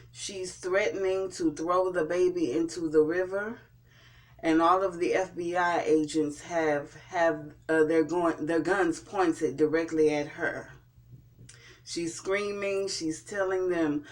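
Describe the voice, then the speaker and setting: A man giving a casual spoken recap and review of a TV episode, often repeating and restarting his words. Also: fairly high pitch. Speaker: TV show reviewer.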